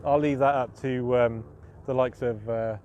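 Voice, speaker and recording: A man's voice: mid-range voice, steady tone, measured pace, darkish tone, highs cut off, a little hiss or hum. A man chatting casually on his fishing live stream as host, self-mocking and full of fillers and restarts.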